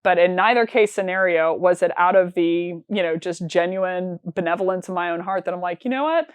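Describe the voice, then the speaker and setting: A woman's voice: on the low side, steady tone, clear, resonant tone, dry recording. Candid woman giving sales advice. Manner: brisk, candid, counts off points one by one. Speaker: sales team leader hosting a sales show. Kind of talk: conversational business advice talk.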